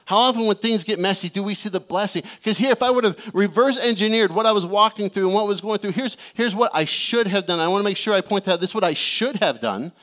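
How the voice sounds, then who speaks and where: A middle-aged male pastor preaching a sermon, telling a family story with lively acted-out voices and calls for amens. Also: high voice, fast, hardly any pauses.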